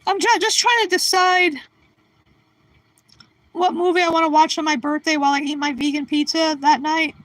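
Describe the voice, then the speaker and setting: Woman in her sixties, high-pitched, casual rambling chat, dry recording. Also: steady tone, normal speed, long pauses, fairly bright tone, no echo, poor audio. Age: 60s. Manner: rambling, chatty, restarts and trails off. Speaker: livestream host. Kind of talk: casual chat answering live viewers.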